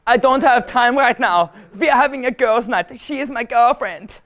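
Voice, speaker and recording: A man's voice: very high voice, moderate pace, a bit bright, voice pushed up. Curt German girl at a bar, as a man puts her on. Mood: dismissive. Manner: curt, brushing off. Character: curt dismissive young German woman at a bar.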